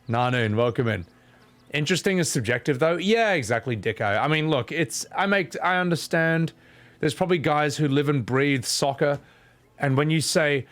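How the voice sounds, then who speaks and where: A man's voice: on the high side, animated, moderate pace, a bit bright. A young man live-streaming a game, chatting casually with viewers in rambling, swearing rants.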